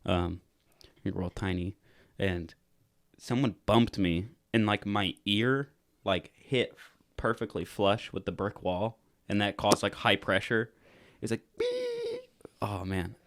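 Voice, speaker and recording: Low-voiced young man rambling casually. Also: fairly even intonation, a little slow, a bit bright, dry recording, studio quality. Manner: rambling, heavy use of "like" fillers. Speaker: podcast co-host. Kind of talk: casual chat.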